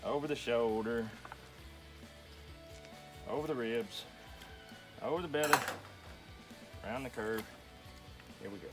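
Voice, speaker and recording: A man's voice: mid-range voice, a little slow, long pauses. Middle-aged man, folksy how-to talk, easygoing, step by step, music underneath. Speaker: homestead channel host. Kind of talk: how-to demonstration.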